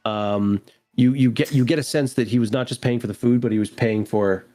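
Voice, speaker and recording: A man's voice: medium pitch, fairly even intonation, a little fast, dark tone, soft background music. A man narrating a tabletop game as game master, loose and descriptive with lots of fillers.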